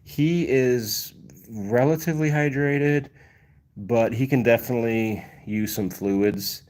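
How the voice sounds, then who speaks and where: A man's voice: medium pitch, slow, darkish tone. A man hosting a casual livestream, explaining things in a rambling way full of fillers and restarts. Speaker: cat channel host.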